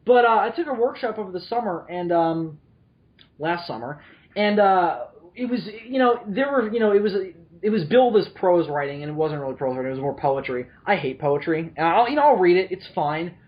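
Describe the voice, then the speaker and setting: A man's voice: high-pitched, lively intonation, brisk, lo-fi sound. A young man hosting a podcast, joking and rambling, with a slight lisp. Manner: joking, self-mocking, rambling. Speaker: podcast host. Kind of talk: casual podcast chat.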